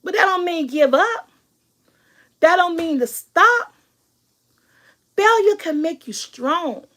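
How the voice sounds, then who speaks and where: A woman's voice: very high-pitched, expressive, slow, a bit bright. A middle-aged woman vlogger, giving an emphatic, preachy motivational talk and repeating her key lines.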